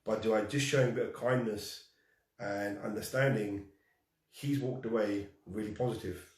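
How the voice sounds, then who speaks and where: A man with a very deep voice tells a personal story with energy. He acts out the dialogue and laughs at himself. He sounds a bit distant from the mic, in a room with a noticeable echo. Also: fairly even intonation, moderate pace, darkish tone. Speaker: guest.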